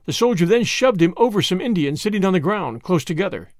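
A man reading a first-person memoir aloud in a measured, plain storytelling manner. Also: high-pitched, animated, no echo, clean studio sound. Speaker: audiobook narrator.

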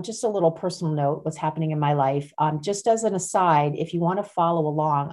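A woman's voice: sits low, warm tone. A woman hosting her own podcast, talking casually in a rambling way with many fillers and restarts. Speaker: podcast host. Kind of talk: casual personal chat.

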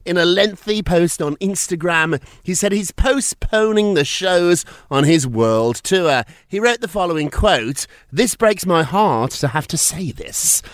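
A British man hosts a gossip podcast with a lively, swooping voice that sits a bit high. He teases his co-host and delivers the news with theatrical flair. The sound is dry and close. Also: a little slow, hardly any pauses, dry recording. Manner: playful, theatrical, teasing. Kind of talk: casual gossip podcast chat.

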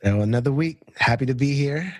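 A man's voice: mid-range voice, a little fast, darkish tone, dry recording. A man co-hosting a casual chat, laid-back and joking with slang. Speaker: podcast co-host.

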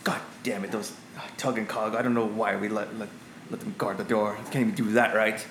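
A man's voice: lowish voice, little pitch movement, brisk, fairly bright tone, a little hiss or hum, lightly acted. A man voicing a stern, impatient older male guard in a tabletop game. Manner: gruff, curt. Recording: echoey room, faint music.

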